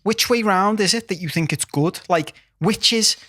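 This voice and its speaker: Bright-voiced man, animated. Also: high-pitched, normal speed, no echo, studio quality. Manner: animated, sweary, rambling. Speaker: podcast co-host. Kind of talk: casual chat. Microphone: podcast microphone.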